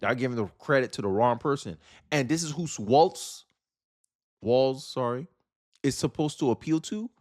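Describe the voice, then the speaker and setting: A man's voice: medium pitch, lively intonation, brisk, dry recording, clean studio sound. A man from Florida hosting casual political commentary, talking emphatically with slang and frequent restarts.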